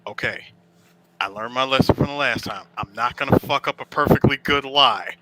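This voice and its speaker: A man's voice: medium pitch, normal speed, heavy background noise. A man co-hosting a live podcast, adding wry, teasing comments to the banter. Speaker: podcast co-host.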